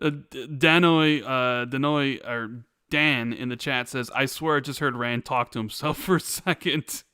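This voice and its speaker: A man's voice: mid-range voice, unhurried, hardly any pauses, bright, forceful tone, clean tone, no echo, clean studio sound. An American man hosting a podcast, reading live chat aloud and laughing often in casual talk. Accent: American English. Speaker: podcast host.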